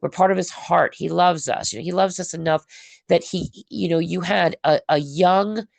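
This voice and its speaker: A lower-pitched woman with a gravelly edge hosts a relaxed talk about faith. She tells her stories with animated, acted-out asides. The recording is dry, with no room sound. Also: normal speed, dry recording. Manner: animated storyteller, acts out her own prayers. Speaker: podcast host. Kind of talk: casual faith conversation.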